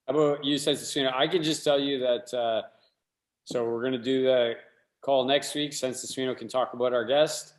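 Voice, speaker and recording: A man's voice: mid-range voice, steady tone, normal speed, roomy sound. A man co-hosting a talk show, casually wrapping up over a video call. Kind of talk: casual sign-off.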